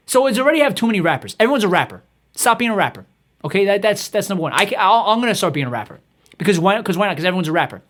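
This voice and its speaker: A man delivering a profane comedic rant in a rapid, exasperated, swearing tirade. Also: sits high, expressive, a bit bright. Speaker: comedic ranter.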